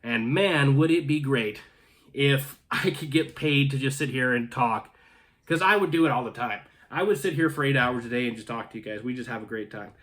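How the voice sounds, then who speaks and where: A man's voice: mid-range voice, normal speed, a bit bright. A man from North Carolina hosting his channel, chatting casually with viewers and reading their comments, rambling with joking asides and frequent restarts. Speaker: channel host. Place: home in Canada.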